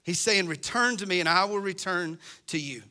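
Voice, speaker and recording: A man's voice: sits high, moderate pace, bright, forceful tone. A middle-aged man preaching a sermon as pastor, impassioned and acting out the voices he quotes.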